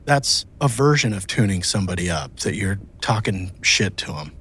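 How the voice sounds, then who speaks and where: A man's voice: low-pitched, sing-song, moderate pace, a bit bright, slightly rough. A man who works as a police watch commander, telling blunt, swear-laden stories in casual chat.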